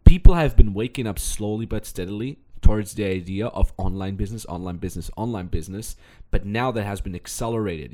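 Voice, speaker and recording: A young man with a fairly low voice delivers a pushy motivational podcast monologue. He talks bluntly, with energy, and hammers his main points again and again. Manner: pushy, blunt and energetic, repeating key phrases. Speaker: podcast host and online business coach.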